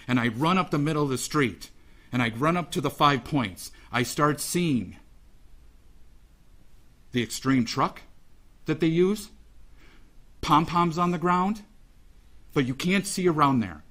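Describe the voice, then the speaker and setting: A father giving an emotional, halting victim statement in a courtroom, repeating phrases as he speaks. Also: fairly high pitch, lively intonation, a bit bright.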